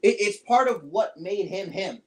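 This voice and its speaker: A podcast co-host chatting casually about movies, animated and acting out quotes. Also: measured pace. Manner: animated, acts out quotes with big pitch jumps.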